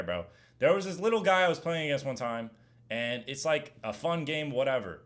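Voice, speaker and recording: A young man streamer answering viewer questions in a casual, slang-heavy way, getting loud and heated as he rants. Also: medium pitch, moderate pace. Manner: animated slang-heavy rant, gets loud when heated. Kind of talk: casual Q&A chat.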